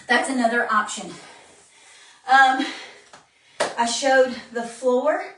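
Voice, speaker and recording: Out-of-breath female fitness coach, unhurried delivery, recorded in a roomy space from a distance. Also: high voice, a bit bright, a little hiss or hum. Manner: coaching while exercising, counting reps. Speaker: fitness instructor. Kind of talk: live workout demonstration. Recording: roomy, distant phone-camera sound.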